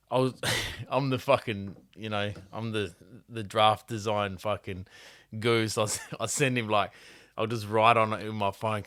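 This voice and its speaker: A man's voice: fairly low pitch, a bit bright, no room sound, studio quality. A man hosting a podcast, laid-back and slangy, swearing freely as he chats. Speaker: podcast host. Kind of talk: casual chat.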